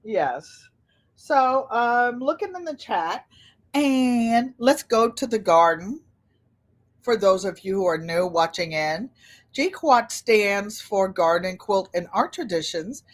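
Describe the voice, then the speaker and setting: An older woman hosting a casual livestream, chatting and telling stories with animated quoted voices. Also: mid-range voice, slow pace. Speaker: channel host.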